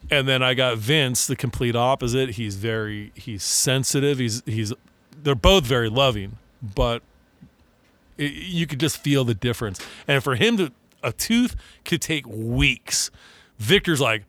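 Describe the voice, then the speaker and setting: A man telling lively, profane stories in casual chat, acting out quotes. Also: medium pitch, measured pace, dry recording. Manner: animated, profane storytelling with acted-out quotes.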